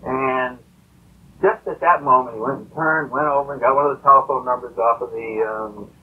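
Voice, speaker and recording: A man's voice: mid-range voice, steady tone, moderate pace, a little hiss or hum. A man telling a story to a recovery meeting in a rambling, conversational way with many fillers. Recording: tinny lo-fi old tape.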